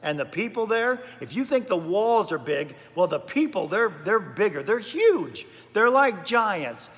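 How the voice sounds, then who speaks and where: A man's voice: high voice, very animated, measured pace, a bit bright, long reverb tail. A man pastor preaching a sermon in a chatty storytelling way, often repeating words as he goes. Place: church.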